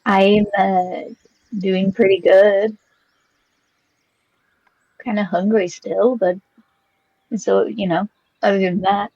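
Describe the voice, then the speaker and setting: A woman's voice: medium pitch, flat delivery, takes it slowly, pauses often, dark tone, husky, no room sound, dull audio. A woman with a British accent playing an upbeat, always-hungry rabbitfolk paladin in an eager way.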